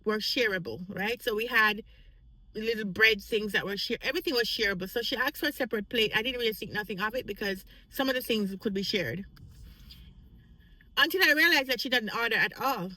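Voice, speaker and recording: A woman's voice: on the high side, normal speed, no echo, low-quality recording. A woman vlogger telling a casual work story, acting out the voices of the people in it. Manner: animated, acts out quoted voices.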